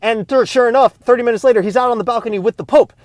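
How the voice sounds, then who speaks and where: A man telling a joke in a lively way, switching his voice for each quoted character. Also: extremely high pitch, rapid-fire, no room sound. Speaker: joke teller.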